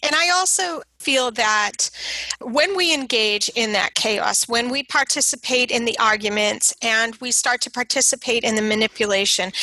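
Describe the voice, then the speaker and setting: A woman's voice: on the high side, sharp tone, dry recording, poor audio. A woman talking earnestly about supporting a son through substance use, often acting out quoted dialogue. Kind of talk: casual conversation on recovery support.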